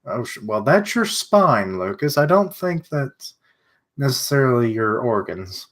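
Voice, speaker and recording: Slow-talking man reacting while reading. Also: mid-range voice, very animated. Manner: chatty commentary, muttering asides while reading aloud. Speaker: streamer.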